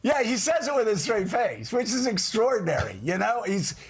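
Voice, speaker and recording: A man's voice: high voice, big pitch swings, moderate pace, breathy edge. A male television host giving incredulous, mocking political commentary.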